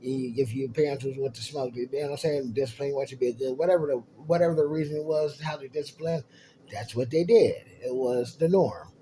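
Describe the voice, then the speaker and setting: A man's voice: medium pitch, fairly quick. Guy telling a wild story, lots of cursing, acts out everybody's lines, bit of hiss behind him. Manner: profane, animated storyteller acting out others' lines. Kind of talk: casual storytelling.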